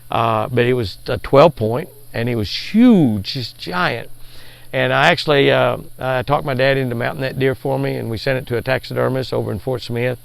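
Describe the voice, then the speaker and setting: An older man with a deeply gravelly, crackling voice spins a folksy hunting yarn in an easy middle pitch. He leans on repetition for emphasis and sinks to a near hush when the story turns tense. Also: steady tone, a little fast. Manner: repeats phrases for emphasis, hushes for suspense. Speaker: outdoor show host.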